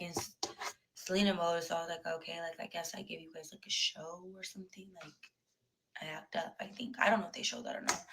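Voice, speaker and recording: A young woman, a former reality show contestant, tells her story in a clip, animated and profane as she acts out the back-and-forth exchanges. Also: mid-range voice, gravelly, rough recording.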